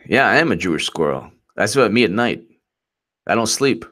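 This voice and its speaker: A man's voice: on the low side, a bit bright. A man hosting a live-streamed political commentary show, rambling and mocking as he laughs often.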